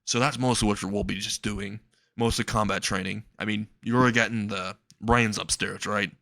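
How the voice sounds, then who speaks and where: A man's voice: fairly low pitch, steady tone, normal speed, vocal fry, sharp tone, no room sound. Burly goofy superhero mentor, blunt and offhand, as a male storyteller puts him on; dry close mic.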